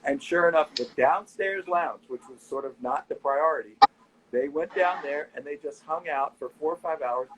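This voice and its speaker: A middle-aged man in a casual interview, telling animated anecdotes and quoting people as he goes. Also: on the high side, moderate pace, very noisy. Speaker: nightlife owner and guest.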